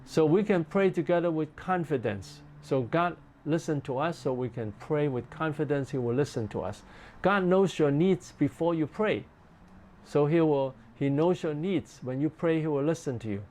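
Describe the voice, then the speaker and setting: A man, a pastor, giving a ministry training talk in simple, repeated phrases with many "uh" fillers, sometimes acting out gentle questions a spouse might ask. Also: fairly high pitch, expressive, normal speed, slight background noise.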